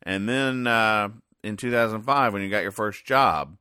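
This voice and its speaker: A man's voice: on the low side, normal speed, pushed and bright, smooth, no echo, clean studio sound, pitched above the performer's own voice. A man voicing a passive-aggressive older mother from a comic strip, using a sly, guilt-tripping manner.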